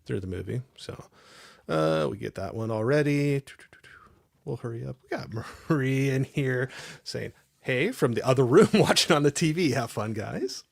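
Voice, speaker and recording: A man's voice: mid-range voice, expressive, moderate pace, vocal fry, no echo, studio quality. Chatty man laughing through a livestream. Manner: rambling, laughs often, reads chat aloud. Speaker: host. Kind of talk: casual livestream chat.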